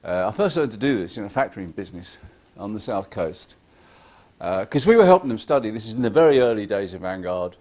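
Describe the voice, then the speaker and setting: A man's voice: lowish voice, brisk. Irreverent man giving a conference talk. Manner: lively, irreverent, joking with the audience; acts out clients' lines in quoted voices. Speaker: conference speaker. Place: conference hall.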